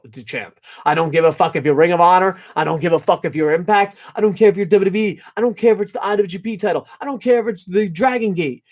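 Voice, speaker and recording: A man reviewing a wrestling event in a blunt, profane rant, dropping into mutters and then rising to shouts. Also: high voice. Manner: profane, blunt and opinionated, swings from mumbling to shouting. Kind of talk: ranting video review.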